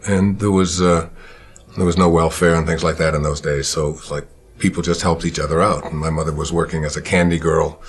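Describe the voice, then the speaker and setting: Deep, husky-voiced man reminiscing. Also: steady tone. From Michigan, USA. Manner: unhurried, reflective, often pausing to search for words. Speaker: speaker recalling his childhood. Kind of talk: personal storytelling.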